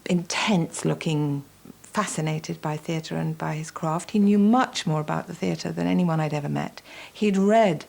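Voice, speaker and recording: An older actress reminiscing about a colleague in an interview, enthusiastic and searching for words. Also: female voice, on the low side, vocal fry, a little mellow.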